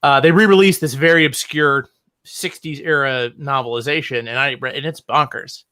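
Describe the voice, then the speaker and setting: A man's voice: medium pitch, steady tone, moderate pace, sharp tone, clean tone, no room sound. A man talking as a guest on a video call, wry and joking. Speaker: guest playwright. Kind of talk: casual chat.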